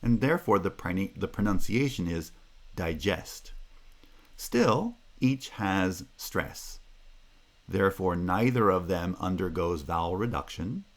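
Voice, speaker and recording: A man lecturing a university class in a very deep voice. He speaks slowly, one careful step at a time, and his intonation swings widely as he stresses key terms. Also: animated. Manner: measured and explanatory, with checking "Okay?" asides. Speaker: linguistics lecturer.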